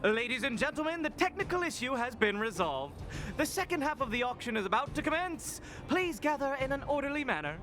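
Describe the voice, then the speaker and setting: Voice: high voice, big pitch swings, fairly quick, noisy background. A voice actor playing a polite, courteous auction house staff member in a video game. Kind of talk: game voice acting.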